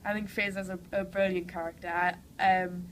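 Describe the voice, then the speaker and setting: Speaking in a lowish voice with a level tone and normal speed, a young Geordie actress from Newcastle answers interview questions casually. She has a cold but chats enthusiastically, full of "like" and "you know." Slight background noise runs through the low-quality recording.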